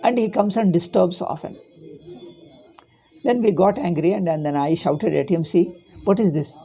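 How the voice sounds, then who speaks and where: A man teaching a spiritual philosophy class, rambling through anecdotes and rhetorical questions in an emphatic, animated way. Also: high voice, moderate pace, vocal fry, husky. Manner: animated and emphatic, often laughing at his own points. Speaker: Vedanta teacher. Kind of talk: lecture.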